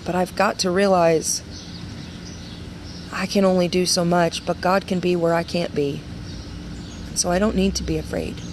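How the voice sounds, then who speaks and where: A woman's voice: fairly low pitch, fairly even intonation, moderate pace, long pauses, a little hiss or hum. A young woman leading a women's ministry, giving an earnest devotional talk and repeating phrases for emphasis.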